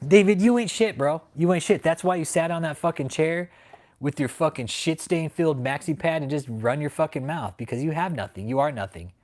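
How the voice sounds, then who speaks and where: A man's voice: a little high, fairly quick. A man hosting a livestream, ranting in a mocking, profane way, often breaking into laughter and rambling. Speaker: livestream host. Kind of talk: casual profane livestream rant.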